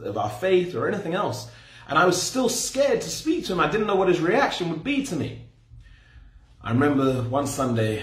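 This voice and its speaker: A man's voice: a little high, roomy sound. A man in his forties from England with an English accent, telling his personal story in a rambling, conversational way with frequent self-corrections. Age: 40s. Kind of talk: personal testimony talk.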